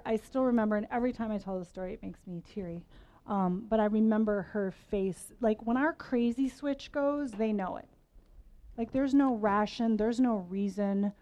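A woman's voice: on the high side, warm tone, poor audio. Candid self-mocking woman giving a sermon. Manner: candid, self-mocking, laughs between lines. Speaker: women's event speaker. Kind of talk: conversational sermon talk.

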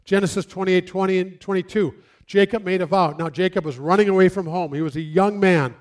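High-pitched male pastor preaching outdoors, acts out his stories. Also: brisk. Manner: animated, acts out stories and quotes. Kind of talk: sermon. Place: outdoors near trees.

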